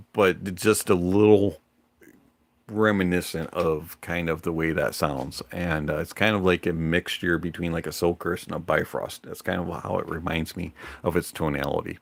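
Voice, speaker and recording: A man hosting a livestream in a relaxed, rambling manner, pausing often on fillers. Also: low voice, vocal fry. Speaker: livestream host. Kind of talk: casual livestream chat.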